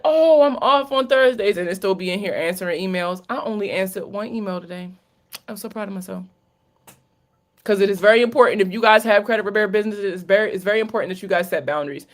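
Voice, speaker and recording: With a lowish voice and a Maryland accent, a woman from Maryland, USA, runs a live Q&A as a credit coach. She answers viewers' questions casually and candidly, dropping profanity and slang along the way.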